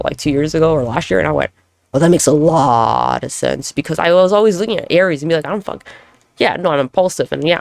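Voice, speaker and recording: A woman hosts a solo podcast in a low, creaky voice, the sound free of echo. Her monologue wanders candidly, gets profane, and runs on self-deprecating jokes.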